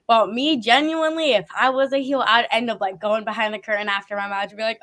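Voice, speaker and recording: A woman's voice: fairly high pitch, fairly even intonation, fast, hardly any pauses, fairly bright tone. A woman hosting a casual interview, chatty and enthusiastic, laughing often. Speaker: podcast host.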